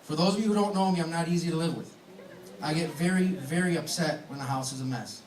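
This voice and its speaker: A man's voice: a little high, fast talker, darkish tone, recorded from a distance. A man giving a wedding toast as the groom, joking and teasing with laughs. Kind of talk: wedding speech. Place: large banquet hall. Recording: echoey hall, mic heard from afar, background noise.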